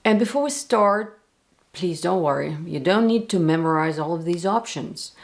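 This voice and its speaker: A woman with a Russian accent, a native Russian speaker, teaching the language to viewers slowly and clearly, with playful spoken examples. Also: on the low side, animated, faint music behind. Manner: slow, clear, playful demonstrations. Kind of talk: explaining to viewers.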